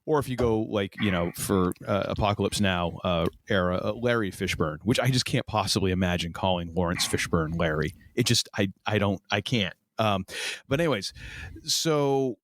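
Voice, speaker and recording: A man's voice: deep voice, normal speed. A man co-hosting a podcast in casual chat, rambling with many fillers and restarts. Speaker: podcast co-host.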